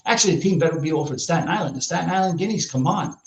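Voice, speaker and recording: A man's voice: on the high side, lively intonation, fast. A man with a New York accent ranting brashly and profanely as a podcast host in casual chat. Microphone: live stream mic. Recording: echoey lo-fi room sound.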